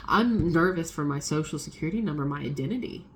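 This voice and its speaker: A young woman vlogger telling a personal story in a casual, animated way, swearing freely and acting out the people she quotes. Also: low voice, normal speed, a little hiss or hum.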